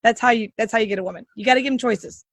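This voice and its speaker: A woman's voice: fairly high pitch, very fast, no room sound. A middle-aged woman podcast host coaching listeners in a sassy, emphatic monologue, repeating phrases for punch.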